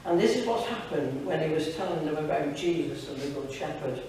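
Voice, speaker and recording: A woman's voice: low voice, expressive, fairly quick, warm tone, a little hiss or hum. A woman giving a devotional talk at a church fellowship evening, reading a story aloud with chatty asides to the audience. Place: church hall. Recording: very echoey hall, distant mic.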